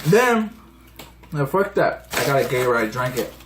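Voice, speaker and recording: A man's voice: mid-range voice, big pitch swings, normal speed, background noise. A man telling a story in a laid-back way, swearing and acting out quotes. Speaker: vlog co-host. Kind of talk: casual couple storytelling.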